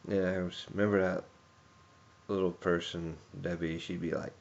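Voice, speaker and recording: A man's voice: low-pitched, flat delivery, normal speed, creaky, highs cut off. A man giving a personal tribute speech, rambling through anecdotes and chuckling often.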